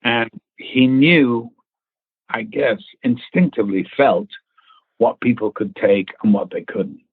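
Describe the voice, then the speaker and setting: A man's voice: mid-range voice, slow, breathy edge, no echo. A man, an actor guest, telling anecdotes in an interview and acting out the people in them. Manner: storytelling, acts out quoted people, swears casually. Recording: tinny phone-line audio.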